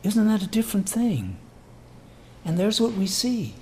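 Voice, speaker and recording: Delivering a sermon, a man moves between loud, forceful lines and soft, low asides, briefly mimicking boastful voices in quoted snippets. He is highly animated, and there's a slight amount of background noise.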